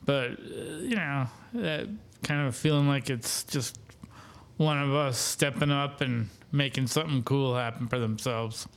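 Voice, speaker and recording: A man co-hosting a podcast, reflecting thoughtfully on sports stories in a relaxed chat. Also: a little high, clear, resonant tone. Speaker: podcast co-host.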